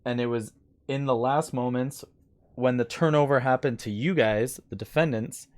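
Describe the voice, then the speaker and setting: A man narrating a tabletop role-playing game as game master, in a relaxed, rambling way with many fillers. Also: mid-range voice, normal speed, no room sound.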